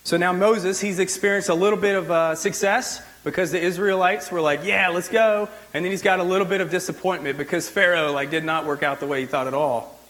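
High-voiced man preaching conversationally. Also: fairly even intonation, quick pace, a bit bright, poor audio. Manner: conversational preaching with frequent "like" and restarts. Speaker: pastor. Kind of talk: sermon.

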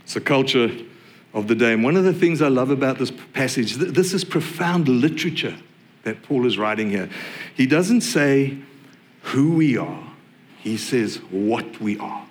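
A middle-aged man delivers a sermon in an easy, conversational way. His voice sits in a plain middle pitch, and he slips light humour and playful asides into the teaching. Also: animated, normal speed. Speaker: pastor.

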